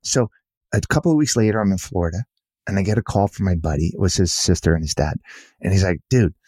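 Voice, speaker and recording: Earnest man with a mellow low voice. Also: fast, slightly rough, no room sound, clean studio sound. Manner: earnest, repeats himself, says "you know" often. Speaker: guest author. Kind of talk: casual conversational storytelling.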